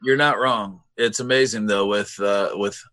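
A man speaking as a guest over a video call, with crude deadpan humor. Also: fairly low pitch, measured pace, no room sound. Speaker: guest, brewery owner.

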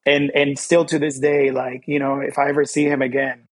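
A young adult man from Fort Lauderdale, telling personal stories as an interview guest in quick, animated bursts. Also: medium pitch. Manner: animated, quick bursts, acts out quoted voices. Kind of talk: candid personal storytelling.

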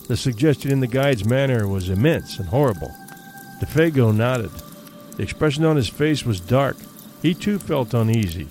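A male narrator reads a horror tale in a measured, steady storytelling voice at a middling pitch. Faint music sits behind him. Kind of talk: audiobook narration.

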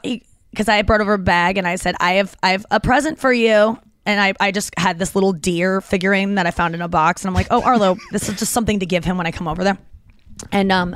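A woman in her thirties co-hosting a podcast, telling animated stories in casual chat with lots of restarts and fillers. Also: medium pitch, no echo. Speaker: podcast co-host.

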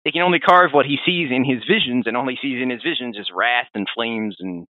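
A man hosting a podcast, telling game lore in a rambling, animated way with frequent restarts. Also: mid-range voice, brisk, dry recording. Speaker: podcast host. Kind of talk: casual lore discussion. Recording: dry, phone-like narrow sound.

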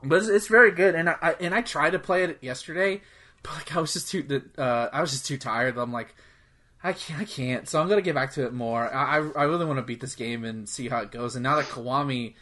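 Quick and sharp-toned, a medium-pitched man co-hosts a podcast about video games. His casual chatter rambles, sprinkled with "like" and profanity.

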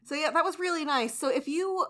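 A woman co-hosting a podcast in casual chat, chatty and animated, quick to laugh. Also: high-pitched. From American South. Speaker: podcast co-host.

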